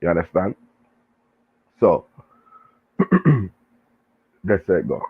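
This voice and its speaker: A man with a Jamaican accent chatting casually about football, animated and full of patois banter. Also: low voice, extremely slow, breathy edge. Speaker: show guest and pundit. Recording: tinny phone line.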